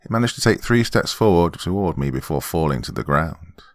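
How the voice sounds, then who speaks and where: A man narrating a first-person horror story in a measured, dramatic way. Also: low-pitched, animated, no room sound. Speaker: horror podcast host and narrator.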